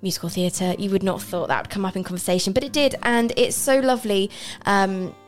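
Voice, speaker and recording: A woman's voice: medium pitch, steady tone, fairly quick, faint music behind. A young woman presenting a local radio show, chatting in a bubbly, easy way and laughing often. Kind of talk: casual radio chat. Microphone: studio microphone.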